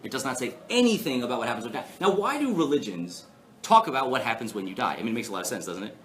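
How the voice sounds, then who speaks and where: A man delivering an informal lecture to a live audience, his pitch rising and falling in a very animated way. He jokes often and keeps throwing questions to the room. Faint noise sits under the voice. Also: rapid-fire. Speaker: rabbi teaching a weekly class. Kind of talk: lively informal Torah lecture. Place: class before a live audience.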